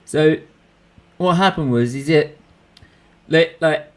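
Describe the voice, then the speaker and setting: A man's voice: on the high side, slow pace. A young man, hosting a casual live football watchalong, swearing freely and calling his friend "bruv". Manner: excitable, swears freely, says "bruv" a lot. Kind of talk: casual live match reaction chat.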